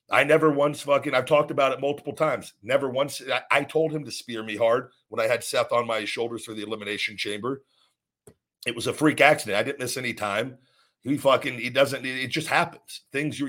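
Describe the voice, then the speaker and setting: On his podcast, the host's voice is medium in pitch and fairly bright as he delivers a blunt rant loaded with profanity. He frequently circles back, repeating points and beginning sentences anew.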